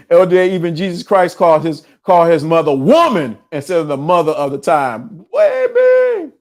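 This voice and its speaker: A man hosting a casual livestream, talking in an animated way, often laughing and using streetwise slang. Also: a little high, normal speed. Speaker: livestream show host.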